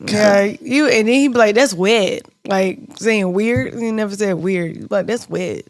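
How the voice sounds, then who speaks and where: A woman's voice: medium pitch, normal speed, no echo, studio quality. A woman with a Georgia accent, co-hosting a podcast and telling stories in casual chat, laughing often and filling her talk with "like". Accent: Georgia Southern US. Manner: storytelling, laughs often, many "like" fillers. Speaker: podcast co-host.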